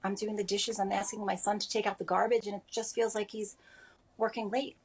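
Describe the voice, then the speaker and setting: A grieving woman in her forties giving a remote interview over a video call, speaking softly and haltingly with many pauses. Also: mid-range voice, level tone, a little hiss or hum. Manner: halting, soft-spoken, many pauses and fillers. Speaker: interview guest.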